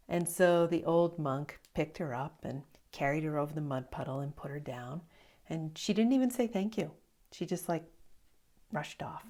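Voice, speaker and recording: Mellow-voiced woman meditation teacher. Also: low voice. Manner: slow, reflective storytelling with soft hushed asides. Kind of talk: evening dharma talk.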